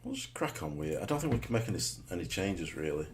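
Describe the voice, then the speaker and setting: Deep-voiced man commentating gameplay. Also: quick pace, slight background noise. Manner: muttered rhetorical asides with sudden excited shouts. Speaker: gamer commentating his own match.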